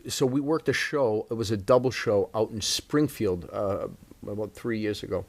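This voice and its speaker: A man's voice: on the low side, normal speed. A man, a stand-up comedian telling stories in a casual interview with easy chuckles. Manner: laid-back storytelling with chuckles.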